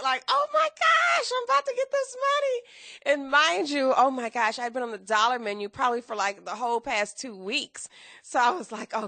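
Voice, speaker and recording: A woman guest telling her story in a podcast interview, acting out quotes with big jumps in pitch and bursts of laughter. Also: bright, forceful tone, no echo.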